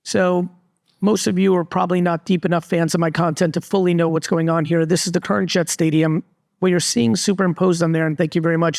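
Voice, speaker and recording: A man's voice: sits high, vocal fry, no room sound, clean studio sound. A middle-aged man, giving a live stage talk to an audience in a blunt, emphatic way. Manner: blunt, emphatic, repeats "literally". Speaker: entrepreneur and guest speaker. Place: resort event stage before a live audience.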